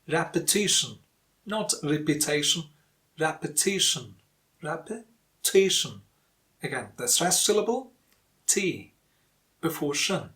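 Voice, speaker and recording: A man teaching an online pronunciation lesson, saying each example word slowly and repeating it as a drill. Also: a little high, a bit bright. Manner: calls for likes and subscribes.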